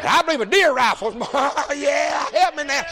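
A pastor, preaching a folksy, joking sermon that builds to shouting. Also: male voice, very high voice, lively intonation, moderate pace, some chatter behind.

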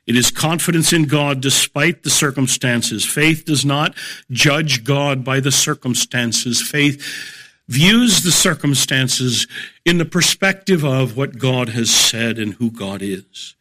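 Middle-aged guy teaching a bible lesson, bright clear voice, measured and emphatic. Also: mid-range voice. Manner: measured, emphatic, explains verse by verse. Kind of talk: expository Bible lecture.

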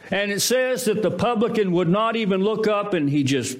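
A man preaching a sermon, telling a story in an animated way with quoted voices. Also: high-pitched, moderate pace, few pauses. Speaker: pastor.

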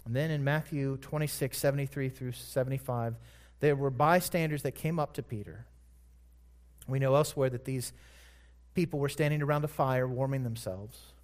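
A man preaching a sermon, retelling a scripture story with emphatic, drawn-out words. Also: mid-range voice, a little mellow.

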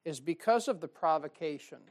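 A male pastor preaching a sermon to a church congregation, joking and calling out "Amen?", swinging between loud and quiet. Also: on the high side, expressive, brisk. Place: church service.

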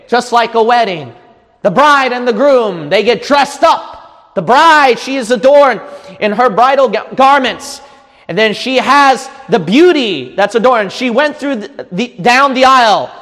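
A man preaching a sermon with passion, building from slow teaching up to shouting and crying out. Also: very high-pitched, lively intonation. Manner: impassioned, rising to shouts and cries. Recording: long hall reverb.

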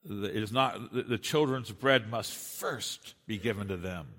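A man's voice: lowish voice, animated, a little slow, a bit bright, big-room sound. A man preaching an expository sermon, emphatic, with his voice rising and dropping sharply for stress and with occasional restarts.

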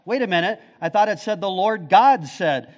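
A male pastor preaching a sermon, with dramatic swings from booming declarations to hushed, low phrases. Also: animated, moderate pace. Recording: long reverb of a large hall.

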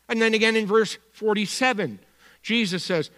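Bronx-accented male pastor, expository sermon, pitched a little high, reverberant sanctuary sound. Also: unhurried. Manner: expository preaching, swinging from quiet to emphatic.

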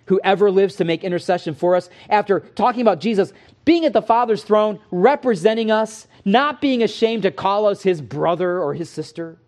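Earnest man preaching, fairly high voice. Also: moderate pace, darkish tone. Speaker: pastor. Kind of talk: expository sermon.

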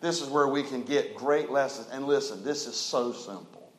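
A man preaching a sermon as pastor, telling stories folksily and swinging from loud emphasis to a hushed low voice. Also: moderate pace, reverberant, rough recording.

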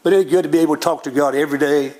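A man's voice: fairly high pitch, fairly even intonation, racing, darkish tone. An older man preaches a sermon from the pulpit. He tells stories in a plain, folksy manner with country grammar, the way a pastor talks to his own congregation.

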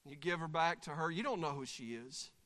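A man preaching a sermon, staging a live acted illustration with congregation members and breaking into shouted voices of the story's figures. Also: fairly high pitch, a little fast. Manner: animated, acts out voices and shouts during the story. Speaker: pastor. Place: church sanctuary. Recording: long church hall reverb.

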